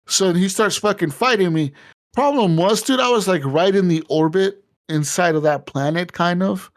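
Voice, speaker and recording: A young man on a podcast, telling a video game story in a casual, profane and animated way, acting out the game's dialogue. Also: high voice, normal speed. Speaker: podcast co-host. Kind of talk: casual gaming chat.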